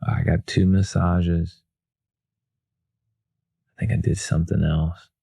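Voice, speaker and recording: A motivational speaker with a deep, gravelly, husky voice and a dark tone tells stories slowly and in a level tone. His casual storytelling is self-deprecating and full of fillers and restarts.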